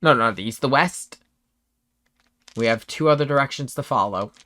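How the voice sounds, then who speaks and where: A man's voice: mid-range voice, moderate pace, pushed and bright, dry recording. Laid-back man running a tabletop game. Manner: laid-back, rambling, with self-corrections. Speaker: game master.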